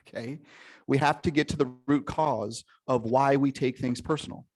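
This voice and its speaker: A male relationship coach leading a live online session over a computer mic, energetic and emphatic, checking in often and swearing casually. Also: mid-range voice, a little slow.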